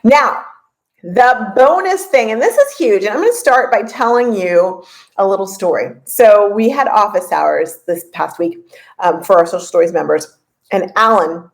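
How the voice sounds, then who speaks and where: A woman in her forties hosting a casual podcast and coaching listeners, chatty and lively, often laughing and repeating points for emphasis. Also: medium pitch, moderate pace, rough recording. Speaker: podcast host and business coach.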